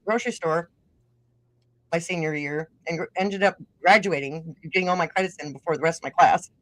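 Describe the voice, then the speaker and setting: A woman's voice: fairly low pitch, brisk, no room sound. A middle-aged woman with a northern Minnesota accent, chatting as an interview guest. She rambles through stories and laughs often. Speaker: guest musician-podcaster. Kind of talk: casual interview chat.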